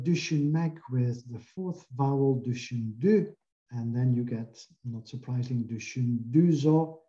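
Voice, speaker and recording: A man from Belgium giving an academic lecture, explaining carefully with frequent pauses over a video call. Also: medium pitch, warm tone, lo-fi sound.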